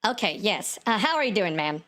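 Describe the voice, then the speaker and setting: A man's voice: high-pitched, very animated, fairly quick, pushed and bright, pitched above the performer's own voice, full character voice. Man voicing Faye, courteous female security caller, put-on Texan accent, voice-changer filter, scambait prank call. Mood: polite. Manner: overly polite, apologetic.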